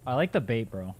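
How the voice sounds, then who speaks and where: Male streamer, high and lively voice, sarcastic and exasperated with chat. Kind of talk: live game stream commentary.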